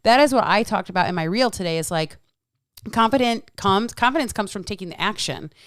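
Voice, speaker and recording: A woman's voice: mid-range voice, animated, fairly quick, a bit bright, dry recording, clean studio sound. A woman, chatting frankly as a podcast guest, swearing freely and acting out quotes. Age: 40s. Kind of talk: casual podcast chat.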